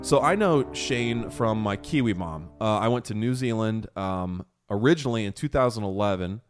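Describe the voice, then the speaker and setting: A man's voice: fairly low pitch, expressive, moderate pace, over music. Enthusiastic American man telling a story. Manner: enthusiastic, rambling, lots of fillers and restarts. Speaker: podcast host. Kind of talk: casual storytelling chat.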